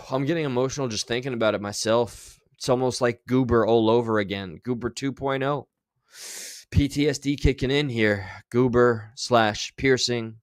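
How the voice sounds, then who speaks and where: A man's voice: mid-range voice, no room sound. A man streaming, giving casual, sarcastic and rambling commentary on clips.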